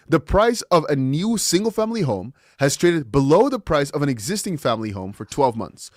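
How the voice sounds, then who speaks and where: A man hosting a crypto news show, talking through market charts in a loose, animated way with rhetorical questions. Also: fairly high pitch, a little fast, few pauses, dry recording, studio quality. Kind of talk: casual market commentary.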